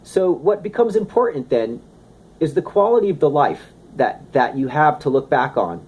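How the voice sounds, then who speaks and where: A man giving a casual, animated talk on health and wellness, slipping into playful asides. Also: on the high side, moderate pace, slightly rough. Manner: animated, conversational, slips into playful impressions. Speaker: wellness speaker.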